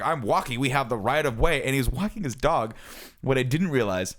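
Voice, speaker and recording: In a casual podcast chat, this young male co-host animatedly tells a story, performing the lines of its characters himself. He speaks briskly at a medium pitch.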